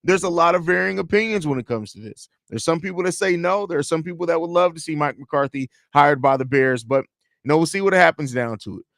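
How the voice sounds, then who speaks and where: A man's voice: a little high, quick pace, creaky, fairly bright tone, no echo, studio quality. A man hosting a casual sports talk livestream, speaking loosely and with strong opinions, and reading viewer comments aloud. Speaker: podcast host.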